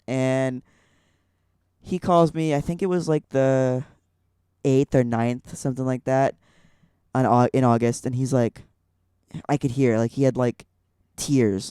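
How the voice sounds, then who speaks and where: A man's voice: mid-range voice, fairly even intonation, unhurried, long pauses, warm tone, smooth, no room sound, clean studio sound. A young man from Illinois telling a personal story on a podcast, rambling with lots of "like" fillers. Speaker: podcast guest. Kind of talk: casual storytelling.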